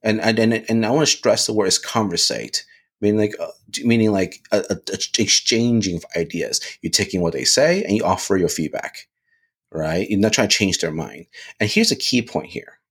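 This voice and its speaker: A man talking casually on a podcast, animated, restarting phrases and often asking "right?". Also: fairly low pitch, normal speed, slightly rough. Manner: animated, repeats words, lots of "right?". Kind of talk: casual discussion.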